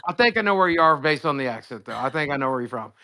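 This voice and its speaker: Blunt, rambling man with a bright voice. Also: medium pitch, lively intonation, very fast. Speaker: streamer calling in. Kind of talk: casual livestream chat.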